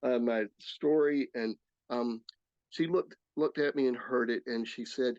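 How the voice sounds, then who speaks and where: A man in his sixties sharing his recovery story in an earnest, halting way, often restarting his sentences. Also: medium pitch, a little mellow, no room sound. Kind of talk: personal testimony talk. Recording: slightly dull, dry recording.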